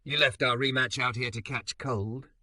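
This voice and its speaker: A man voicing a calm, patient male teacher who speaks gently and steadily. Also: moderate pace, dry recording. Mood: gentle. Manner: gentle, steady, low-key.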